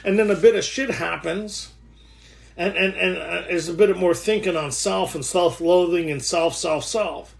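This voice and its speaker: A man in his thirties sharing his recovery story in a rough, joking way, with many restarts. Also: sits high, moderate pace. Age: 30s. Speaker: recovery workshop speaker. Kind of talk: candid recovery share.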